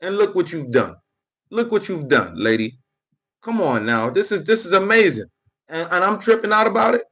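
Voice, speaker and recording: Speaking in a high, sing-song voice that sounds pushed and bright, a man hosts a live political commentary stream at normal speed. He addresses his chat directly, lecturing heatedly, with many repeated words and restarts.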